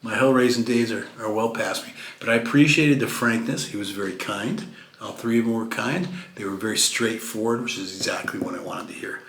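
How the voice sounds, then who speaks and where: Gravelly man telling travel stories. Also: fairly low pitch, brisk, fairly bright tone, echoey room. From Texas. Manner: chatty, anecdotal, many fillers and restarts. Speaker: vlogger. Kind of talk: casual storytelling to camera.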